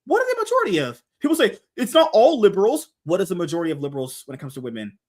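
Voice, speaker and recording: A woman's voice: on the low side, wildly swooping pitch, very fast. An American woman arguing emphatically as a guest on a chat podcast. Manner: emphatic, argumentative. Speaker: guest debater. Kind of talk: casual debate chat.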